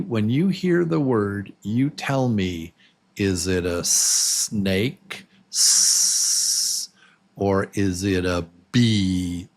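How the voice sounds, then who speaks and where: A man teaching a beginner English pronunciation lesson, patient and encouraging, repeating each word several times. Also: mid-range voice.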